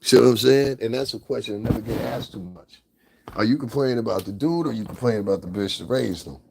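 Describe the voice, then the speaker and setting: Gravelly-voiced man roasting his chat. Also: mid-range voice, fast, warm tone, a little hiss or hum. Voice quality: crude, roasting, laughs often. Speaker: livestream host. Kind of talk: casual profane commentary to chat.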